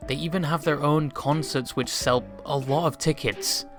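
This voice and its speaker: A man's voice: a little high, steady tone, moderate pace, fairly bright tone, soft background music. A man reading a scripted video essay in a dry, sarcastic way. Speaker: video narrator.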